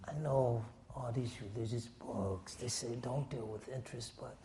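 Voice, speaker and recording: A preacher voicing a sly male devil tempter in a hushed, coaxing whisper during a sermon. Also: fairly high pitch, big pitch swings, a little slow, slight background noise.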